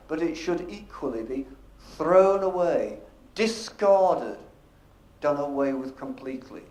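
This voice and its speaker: A man's voice: fairly high pitch, expressive, a little mellow. Man presenting in an echoey hall. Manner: measured, emphatic delivery, varies volume and pace. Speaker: professional speaker presenting at a convention. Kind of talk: conference presentation. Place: convention function room. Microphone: handheld or stage microphone. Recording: echoey conference room.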